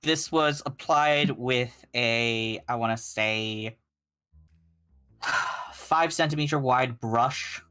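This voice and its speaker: Slow, measured game master man. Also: mid-range voice, sharp tone, clean tone, soft background music. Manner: unhurried, thinks aloud while describing. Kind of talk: describing scenes for a tabletop game.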